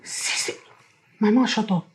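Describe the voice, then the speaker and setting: An actress playing a friend who is shocked by a fraud in a film drama. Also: female voice, a little slow, natural voice. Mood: indignant. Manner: shocked, indignant gossip. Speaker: film character.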